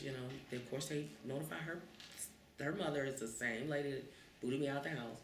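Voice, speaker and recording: Animated storytelling woman in her fifties. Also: sits low, a little hiss or hum. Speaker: interviewee. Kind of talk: oral history storytelling. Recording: roomy, distant mic.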